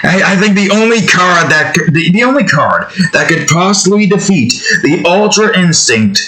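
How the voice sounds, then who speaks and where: A man's voice: high voice, animated, moderate pace, bright, forceful tone, low-quality recording. A man hosting his own channel, chatting casually and rambling in a jokey, profane way full of fillers. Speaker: channel host. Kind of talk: casual rambling chat while drawing.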